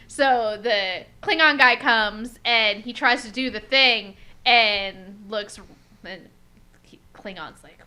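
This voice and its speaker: A woman co-hosting a casual podcast chat, recapping an episode as an animated storyteller who swears freely. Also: fairly high pitch, takes it slowly, smooth. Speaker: podcast co-host.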